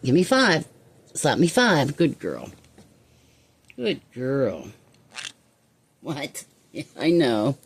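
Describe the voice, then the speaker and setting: Low-voiced woman coaxing her parrot. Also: wildly swooping pitch, very slow, long pauses, husky. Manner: coaxing, affectionate baby talk with frequent chuckles. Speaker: pet owner filming her parrot. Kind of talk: casual chat to a pet. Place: indoors at home.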